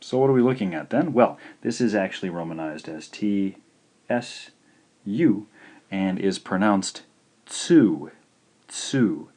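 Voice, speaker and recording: A man teaching in a recorded video lesson, patient and slow, saying each syllable out clearly. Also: deep voice, lively intonation, a little mellow. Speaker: language teacher.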